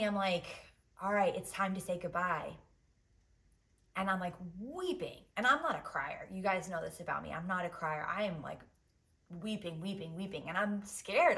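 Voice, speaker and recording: A woman's voice: fairly low pitch, bright, forceful tone. A woman podcast host telling a candid personal story, emotional and profane, with many "like"s. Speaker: podcast host giving advice.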